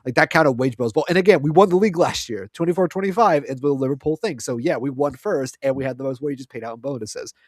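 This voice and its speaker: Rambling animated man, dry sound. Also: medium pitch, fast talker, hardly any pauses, dry recording. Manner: rambling, animated, many restarts and fillers. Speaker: podcast co-host. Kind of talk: casual chat.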